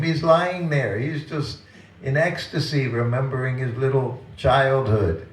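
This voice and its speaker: An older man giving a temple talk, reminiscing in a gentle, chuckling storytelling way. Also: medium pitch, a little slow, far from the mic. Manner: gentle, chuckling anecdotal delivery. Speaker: guest speaker at a temple. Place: temple hall. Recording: roomy temple hall with faint ambience.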